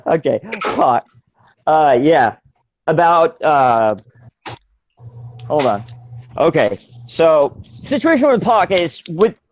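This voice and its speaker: A man's voice: high voice, no echo. A man co-hosting a casual podcast, rambling with many fillers and restarts and laughing often. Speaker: podcast co-host.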